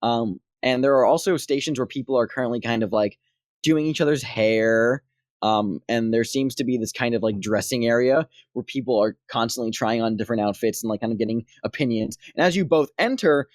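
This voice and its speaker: A woman's voice: very deep voice, fairly quick, a little mellow, no echo, clean studio sound. A woman narrating a tabletop game as dungeon master, rambling with many fillers.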